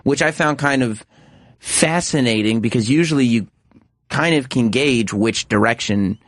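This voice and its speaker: Male talk radio co-host, conversational, average pitch, dry studio. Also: normal speed, dry recording. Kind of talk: casual radio interview.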